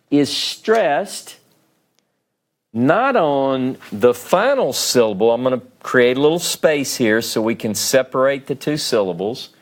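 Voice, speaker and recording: A man teaching a small class in a meeting room, speaking slowly and patiently. He breaks each point down step by step and keeps checking whether the students are following. His voice sits at an ordinary middle pitch. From United States. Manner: patient, explains step by step, frequent "okay?" checks. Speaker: Hebrew teacher. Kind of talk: classroom lecture at a whiteboard.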